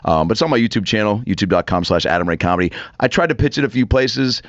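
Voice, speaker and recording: A man's voice: lowish voice, fast, dry recording, highs cut off. A man chatting casually as a podcast guest, rambling and swearing with many restarts, in a studio. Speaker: comedian guest.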